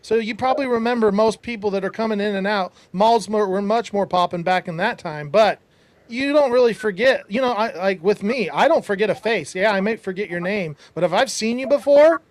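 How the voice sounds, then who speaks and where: Male podcast host, high register, emphatic storyteller, dry close sound. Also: brisk, no echo. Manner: emphatic, preachy asides to listeners. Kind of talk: casual storytelling.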